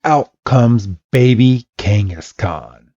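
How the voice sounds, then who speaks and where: Animated man retelling, slow and lively. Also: medium pitch, no echo. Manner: animated, acting out every character. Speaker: podcast host. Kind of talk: casual comic retelling of a story. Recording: dull lo-fi dry podcast mic.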